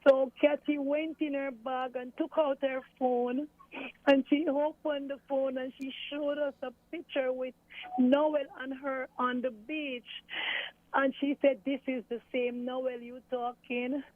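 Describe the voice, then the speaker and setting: Tearful Jamaican woman, high and flat. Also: slow pace, no room sound. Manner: tearful at times, quotes others in dialogue. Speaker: interviewee, mother of a missing woman. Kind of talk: emotional interview recollection. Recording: tinny phone-like dry sound.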